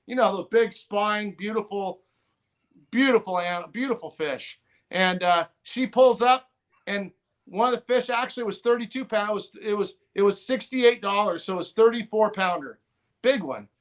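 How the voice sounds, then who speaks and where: A man's voice: high-pitched, normal speed. A middle-aged man telling a long story as a podcast guest, rambling with restarts and acting out other people's lines. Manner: rambling, restarts, quotes others in lively voices. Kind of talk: casual storytelling.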